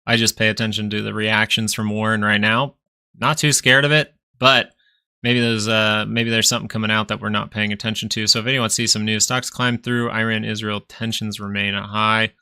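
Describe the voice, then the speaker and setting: Male livestream host, chatty and rambling, gravelly low voice with a tense, bright edge. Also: little pitch movement, moderate pace. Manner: rambling, chatty, answers viewers directly. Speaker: stock market livestream host. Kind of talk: casual live stream market commentary.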